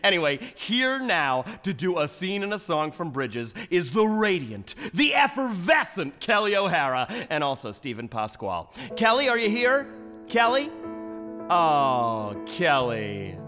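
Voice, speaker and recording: A man's voice: a little high, very animated, moderate pace, hardly any pauses, sharp tone. A man playing a vain, self-adoring theater composer in a live stage parody, boastful and campy. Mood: smug. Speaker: stage comedian. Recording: reverberant theater with faint music.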